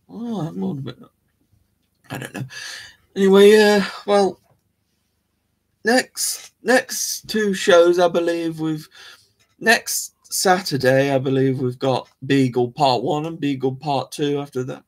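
A man's voice: a little high, takes it slowly, long pauses. A man hosting a live show, talking in a rambling, chatty, self-mocking way. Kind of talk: casual live-stream chat.

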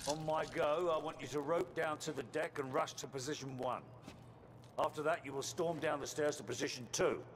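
An actor playing a gruff veteran army captain who runs a training drill with clipped, commanding orders. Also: male voice, fairly high pitch, steady tone, moderate pace, a little hiss or hum, lightly acted. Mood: stern. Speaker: military training instructor. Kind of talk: video game voice acting. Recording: game audio over loud gunfire.

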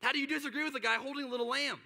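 A man preaching a sermon to a church service, energetic and sarcastic, firing off rhetorical questions. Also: extremely high pitch, rapid-fire, vocal fry, long reverb tail. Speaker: pastor. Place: large church auditorium.

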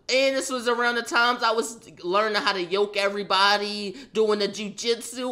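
A young man telling a wild personal story, excitable and profane, acting out a fight with loud sound effects and rambling restarts. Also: sits high, normal speed. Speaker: storyteller vlogger. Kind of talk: animated storytelling.

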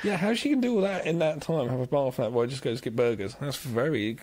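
Animated husky-voiced man. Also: mid-range voice, fast talker. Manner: animated, laughs and mimics characters. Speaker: podcast co-host. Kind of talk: casual film recap chat.

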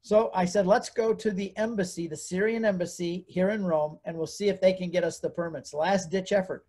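Animated storytelling man. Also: high voice, fairly quick. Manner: acts out quoted voices while telling a story. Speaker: guest.

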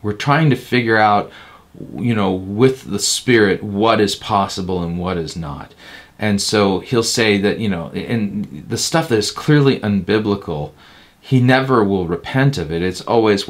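A man's voice: on the low side, animated, measured pace. A man who is a pastor, answering interview questions in a blunt, emphatic and critical way. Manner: emphatic and blunt, slipping into mocking quotes of others.

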